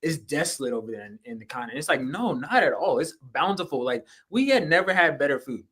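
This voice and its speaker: A man's voice: a little high, fast talker, breathy edge. A man co-hosting a casual podcast, laid back and rambling. He reaches for his words with plenty of "like" and "I mean.". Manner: relaxed, rambling, many fillers.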